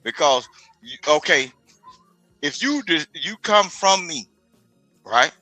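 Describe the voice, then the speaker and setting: A man's voice: on the high side, lively intonation, slow, bright, forceful tone, dry recording, faint music behind, rough recording. A man talking in casual chat, telling things in a profane, streetwise way. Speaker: podcast guest.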